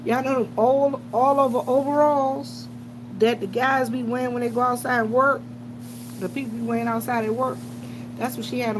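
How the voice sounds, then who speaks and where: A woman's voice: on the high side, flat delivery, normal speed. Chatty woman vlogger, noisy background. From South Carolina. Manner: chatty storytelling, greets commenters. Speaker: vlogger working a gas station shift. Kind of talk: casual chat to viewers.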